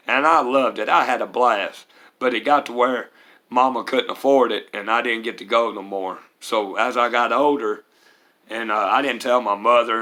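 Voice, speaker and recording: A man's voice: medium pitch, bright, forceful tone. A man in his forties with a Mississippi accent, telling his life story in a candid, plain-spoken way with hesitant fillers. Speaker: vlogger sharing his recovery story. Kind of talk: personal storytelling.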